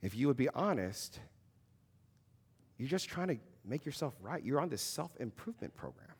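Thirties male Christian speaker, casual and animated, swings pitch widely, lots of fillers. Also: moderate pace, husky. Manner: animated, conversational, with many fillers and acted-out quotes. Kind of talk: informal faith talk.

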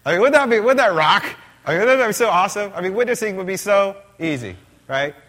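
A male pastor delivering a sermon in a church. He preaches in an animated, conversational way. He often turns to the congregation with questions. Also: sits high, quick pace.

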